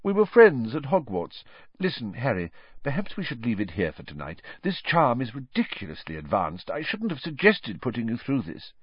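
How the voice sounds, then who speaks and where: A man doing a quiet, gentle grown teacher. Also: medium pitch, wildly swooping pitch, slightly rough, highs cut off. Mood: subdued. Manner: quiet, measured.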